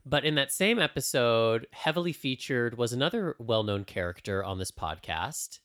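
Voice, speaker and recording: A man's voice: medium pitch, animated, normal speed, fairly bright tone. A man co-hosting a casual podcast, explaining things in a thoughtful, earnest way. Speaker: podcast co-host. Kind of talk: casual podcast chat about astrology.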